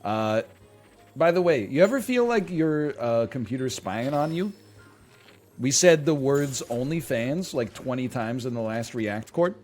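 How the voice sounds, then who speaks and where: A man's voice: medium pitch, measured pace, faint music behind. A young man streaming, reacting to online posts in casual, mocking commentary and slipping into sarcastic quoted voices. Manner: animated, mocking, swings into sarcastic put-on quotes.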